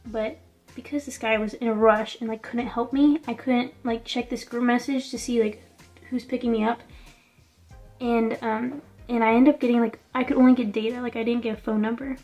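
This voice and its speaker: A chatty young woman vlogs from a small indoor room, her voice sitting slightly high. She tells her story casually and leans on "like" all the time. Soft music plays faintly behind her. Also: fairly even intonation, normal speed. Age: young adult. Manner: chatty, fills speech with "like". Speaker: vlogger.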